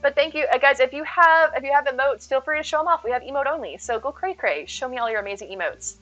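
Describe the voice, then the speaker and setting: Quick-paced and expressive, this woman's high, fairly bright voice carries her bubbly, casual chatter with viewers while she streams a game, thanking them again and again. The recording sounds slightly dull, with faint music.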